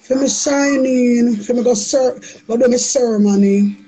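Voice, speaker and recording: A woman's voice: fairly high pitch, moderate pace, warm tone, husky. A woman with a Jamaican accent chatting on a live stream, playful and boastful, repeating phrases in a sing-song chant. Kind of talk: casual live-stream chat.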